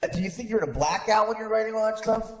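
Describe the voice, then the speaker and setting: A man's voice: high-pitched, rapid-fire. A man hosting a podcast in casual chat, rambling with frequent restarts. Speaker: podcast host. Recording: echoey room with long reverb.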